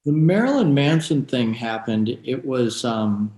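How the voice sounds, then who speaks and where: A man guest in an interview, telling animated stories full of quoted asides and excited exclamations. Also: mid-range voice, a little slow, reverberant, poor audio. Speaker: guest guitarist.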